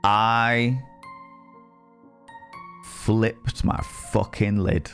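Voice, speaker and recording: A man's voice: fairly low pitch, little pitch movement, drawn-out words, fairly bright tone, soft background music. A man and streamer who does some voice acting, chatting casually on a livestream, swearing a lot and repeating himself for emphasis. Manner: profane, emphatic ranting; repeats phrases and restarts mid-sentence. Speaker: streamer and voice actor.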